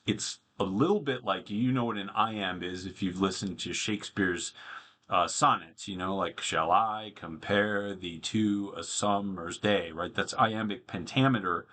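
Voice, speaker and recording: A man teaching a Latin poem in a casual spoken lesson, explaining in an easygoing way and thinking aloud with pauses. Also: on the low side, bright, forceful tone. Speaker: Latin and Greek tutor.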